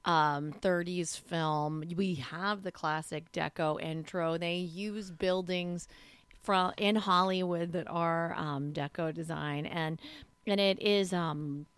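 A woman's voice: lowish voice, steady tone, slow pace, clean tone, no echo. A woman co-hosting a podcast, chatting playfully about films and laughing between remarks. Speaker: podcast co-host. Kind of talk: casual film chat.

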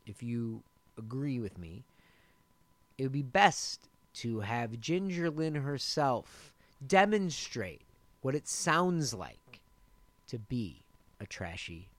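A man's voice: mid-range voice, very animated, slow pace, dry recording. A man co-hosting a podcast, chatting casually and animatedly about films, repeating words as he gets going. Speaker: podcast co-host. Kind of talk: casual film chat.

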